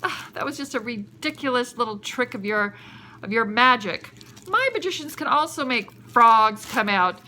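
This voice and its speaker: A woman's voice: a little high, expressive, moderate pace, sharp tone, a little hiss or hum, pitched below the performer's own voice. A woman voicing a stubborn pharaoh king who speaks in a dismissive, haughty way. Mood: scornful.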